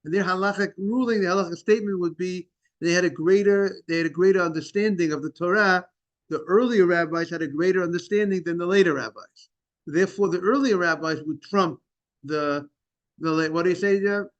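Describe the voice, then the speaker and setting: A man teaching a Talmud class in a casual, halting way, repeating words and restarting sentences while greeting students. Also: high voice, highs cut off. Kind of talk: informal Talmud lesson.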